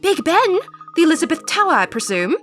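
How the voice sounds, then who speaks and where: Woman doing a young British woman detective, prim, polite, bright, lively. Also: extremely high pitch, a little fast, soft background music, voice pushed up, heavily acted. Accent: put-on British.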